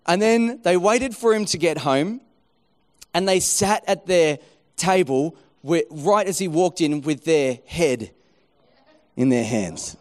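A middle-aged man preaching a sermon, telling a story with lively acted-out quotes. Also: on the high side, slow. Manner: animated storytelling, acting out quoted voices. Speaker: pastor.

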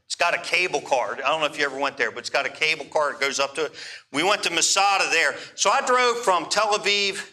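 A pastor telling a travel story in a sermon, animated and checking in with the congregation. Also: male voice, fairly high pitch, fast. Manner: animated, asks the crowd for responses. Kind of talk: sermon storytelling to a live audience.

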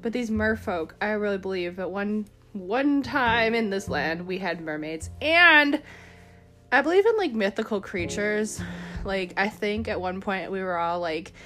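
A woman's voice: mid-range voice, unhurried, soft background music. Profane rambling young woman. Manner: profane, rambling, self-mocking. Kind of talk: casual rant to camera.

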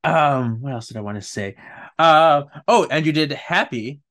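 A man's voice: a little high, moderate pace, a bit bright. Genial male interviewer, laughing often. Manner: friendly, laughs often, asks leading questions. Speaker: interviewer host. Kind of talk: casual interview chat.

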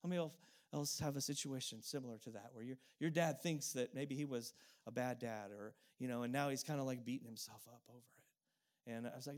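A middle-aged man preaching a sermon as a pastor, earnest and emotional, telling a personal story with pauses and repeated phrases. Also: mid-range voice.

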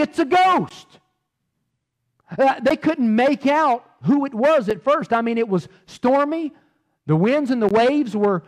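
A middle-aged man preaching a sermon, animated, repeating words and swinging between loud and soft. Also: very high voice. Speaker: pastor.

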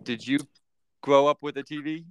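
A man's voice: on the high side, steady tone, moderate pace, clear, resonant tone, no echo, lo-fi sound. A man hosting a casual podcast chat, joking and laughing often. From United States. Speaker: podcast host.

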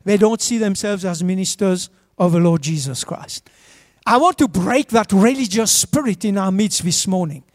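A man's voice: sits high, lively intonation, moderate pace, darkish tone, no room sound, studio quality. A man preaching a sermon as a pastor in a church, urging the congregation to answer back. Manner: urges the congregation to respond.

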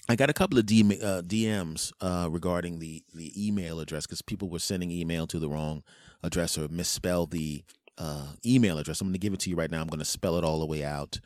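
A man in his late forties hosting a podcast, telling a comic story in an animated way and dropping into low, smooth murmurs. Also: fairly quick, no echo, studio quality. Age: 40s. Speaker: podcast host. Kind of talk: casual comic monologue.

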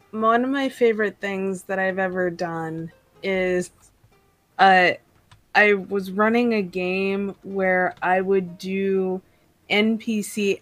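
A woman who runs tabletop games tells a story with animated energy and an easy laugh. She speaks slowly. Her voice is dry and close, with faint music behind. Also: mid-range voice, no echo. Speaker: game master. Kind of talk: casual panel chat.

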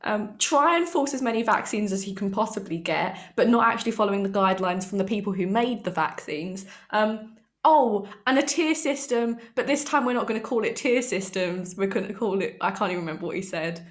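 A woman's voice: medium pitch, lively intonation, fairly quick. Wry young British woman chatting. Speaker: podcast co-host. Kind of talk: casual chat.

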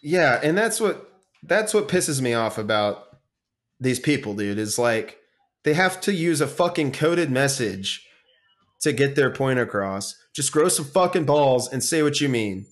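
A man co-hosting a casual podcast chat, swearing freely, ranting and mocking people in quick impressions. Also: medium pitch, big pitch swings. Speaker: podcast co-host.

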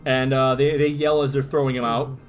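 A man's voice: medium pitch, level tone, a little fast, faint music behind. A man co-hosting a podcast in casual chat, describing comic panels aloud and swearing freely. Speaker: podcast co-host.

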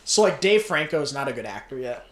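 A fast-talking young man with a mid-range voice gives a casual movie recap full of swearing and laughter. His storytelling is animated, and the recording has a roomy echo.

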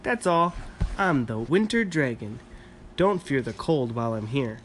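A kindly winter dragon out of a bedtime storybook, as a man puts him on. He speaks gently and soothingly and means to keep the child safe, with a faint hiss of background noise. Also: mid-range voice, expressive, a little slow, close to an everyday voice. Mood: gentle.

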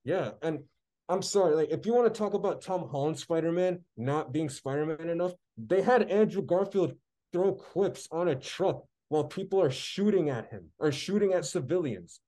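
A man's voice: on the high side, animated, normal speed, warm tone. A man co-hosting a podcast, ranting in a heated, sarcastic way during casual chat. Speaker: podcast co-host.

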